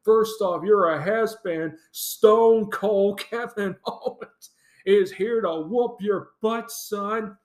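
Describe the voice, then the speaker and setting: A man's voice: sits high, slow pace, a little mellow, roomy sound, voice pushed up. A man mimicking a sneering, cocky wrestler in a raised voice. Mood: taunting. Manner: sneering, mocking. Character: cocky brash male wrestler taunting a rival.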